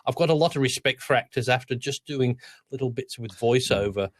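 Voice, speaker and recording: An Australian man co-hosting a relaxed weekly podcast, talking in long, rambling stretches full of restarts and trailing asides. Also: medium pitch, fairly quick, no echo, clean studio sound. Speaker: podcast co-host. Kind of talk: casual chat.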